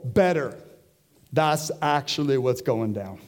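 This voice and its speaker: A man delivering a sermon in a slow, unhurried cadence, his voice mellow and warm. He keeps turning to the congregation with questions, talking with them as much as to them. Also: fairly high pitch, lively intonation. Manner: conversational, asks the congregation questions. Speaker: pastor. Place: church.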